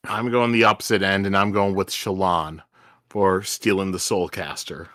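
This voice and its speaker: A man's voice: low-pitched, fairly even intonation, normal speed, fairly bright tone, no echo, studio quality. A man hosting a casual book-discussion podcast, easygoing and steering the conversation along. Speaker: podcast host.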